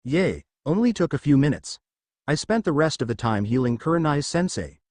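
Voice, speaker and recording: A man's voice: a little high, sing-song, moderate pace, a little mellow, dry recording. A man voicing a stern young male ninja medic who talks bluntly and scolds. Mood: casual.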